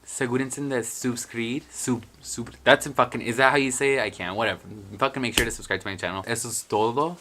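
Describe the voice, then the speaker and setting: Bright-voiced young man vlogging, profane and self-mocking. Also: mid-range voice, steady tone, fast talker, few pauses. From Mexican heritage, raised in the US. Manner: profane, self-mocking, rambling with bursts of laughter. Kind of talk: casual vlog chat. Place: bedroom at home.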